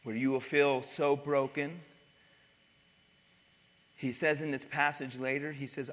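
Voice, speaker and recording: A male pastor preaching a sermon, swinging from loud to hushed. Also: mid-range voice, little pitch movement, measured pace, pauses often. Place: church sanctuary. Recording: reverberant church hall.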